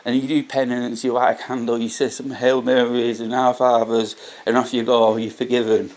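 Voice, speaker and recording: A man's voice: medium pitch, level tone, normal speed, darkish tone. A man talking earnestly in a casual, unscripted reflection on faith, often repeating his points and restarting his sentences. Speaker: vlogger sharing faith reflections. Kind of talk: casual spoken reflection to camera.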